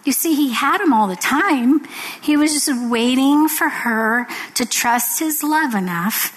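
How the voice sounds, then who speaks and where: A woman's voice: sits high, expressive, unhurried, poor audio. A woman giving an earnest devotional talk to women, telling a story to make her point.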